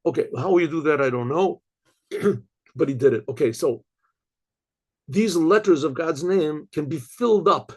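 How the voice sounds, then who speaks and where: An older rabbi teaching a class in a husky, slightly raised voice. His talk is loose and digressive, circling back with repeated phrases and frequent "okay, so", broken up by throat-clearing. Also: a little high, darkish tone. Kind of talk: informal Torah lecture.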